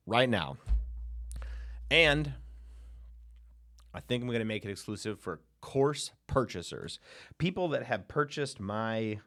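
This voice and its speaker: A man's voice: mid-range voice, expressive, takes it slowly, pauses often, fairly bright tone, no echo, studio quality. A man teaching a casual screen-share tutorial on building AI agents, chatty and hyped, with sudden playful outbursts, recorded on a desk mic in a small room.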